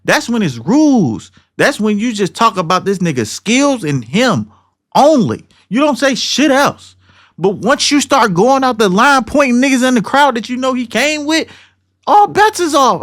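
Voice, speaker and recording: A man's voice: very high voice, sing-song, normal speed, a bit bright. A young man co-hosting a podcast, ranting in a heated, profane, slangy and rambling way. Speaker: podcast co-host. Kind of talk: casual podcast rant.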